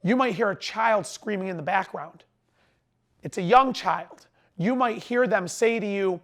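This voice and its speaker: A middle-aged man coaching salespeople straight to camera in a high, bright voice. He talks fast and emphatically and sometimes runs his words together, and a tiredness sits under his energy. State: tired after a long lecture. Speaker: sales trainer. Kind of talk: direct-to-camera sales lesson.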